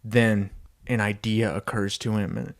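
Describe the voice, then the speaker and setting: A man's voice: lowish voice, level tone, a little slow. A young man improvising a crude comedy story on a podcast, rambling, swearing and laughing as he goes. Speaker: podcast co-host.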